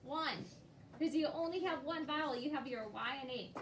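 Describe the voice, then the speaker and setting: Teacher, woman, high voice, patient questioner, recorded from afar in a noisy classroom. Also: normal speed, a bit bright. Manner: patient, prompting questions to students by name. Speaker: second grade teacher. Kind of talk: classroom instruction. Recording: echoey classroom, distant noisy mic.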